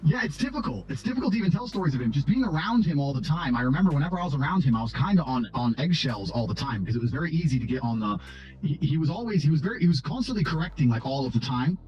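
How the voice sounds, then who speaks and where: Give me a fast-talking, foul-mouthed man in a candid interview, slightly high-voiced, with soft music in the background. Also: lively intonation, lo-fi sound. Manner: brash, blunt, swears freely. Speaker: interviewee in archived clips. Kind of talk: storytelling interview talk.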